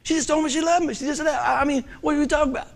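A man, preaching a sermon as a folksy storyteller whose delivery swings from loud bursts to hushed asides. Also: very high voice, steady tone, racing, creaky. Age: 50s.

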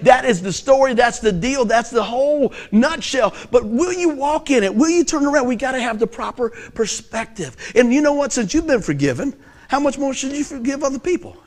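Male pastor, middle-aged, high-pitched, animated sermon delivery with loud bursts and soft asides. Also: fairly quick. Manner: animated storytelling with laughter and loud peaks.

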